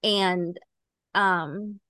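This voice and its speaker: A woman's voice: medium pitch, fairly even intonation, drawn-out words, bright, forceful tone, clean tone, no room sound. Chatty young woman, dry close mic. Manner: chatty, rambling, lots of fillers and laughs. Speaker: podcast host. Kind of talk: casual chat.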